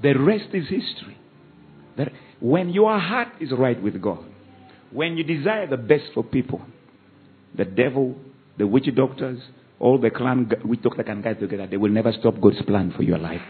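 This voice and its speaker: A man's voice: medium pitch, lively intonation, normal speed, faint music behind. Preaching man on a tinny line. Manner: call-and-response preaching, swings from shouts to hushed asides. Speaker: pastor. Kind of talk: sermon. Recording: phone-like narrow band.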